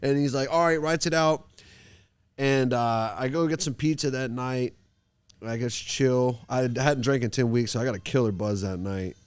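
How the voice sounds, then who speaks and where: A man in casual conversation, telling a story loudly and with energy, acting out the other people in it. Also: mid-range voice, moderate pace, clear, resonant tone, dry recording. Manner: animated, loud when quoting himself. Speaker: podcast guest, fighter. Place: gym mats.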